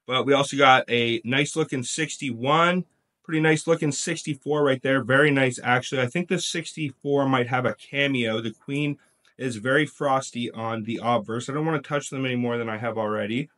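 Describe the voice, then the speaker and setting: A man's voice: mid-range voice, normal speed, fairly bright tone. Guy hosting a coin roll hunt vid, laid back, just walking through his coins. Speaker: coin collecting channel host. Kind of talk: casual show-and-tell narration.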